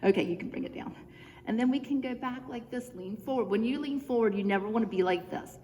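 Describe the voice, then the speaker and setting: A woman's voice: a little high, quick pace, darkish tone. A woman fitness instructor talking viewers through simple home exercises, chatty and encouraging, a bit out of breath from moving along with them. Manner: encouraging, chatty, cueing moves step by step. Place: church room, indoors. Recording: reverberant room with faint background noise.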